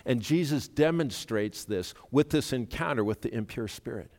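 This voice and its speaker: A man preaching a sermon, speaking earnestly and rising to sudden loud emphasis when he quotes. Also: mid-range voice, expressive, normal speed. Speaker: pastor. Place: church sanctuary. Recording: reverberant church hall.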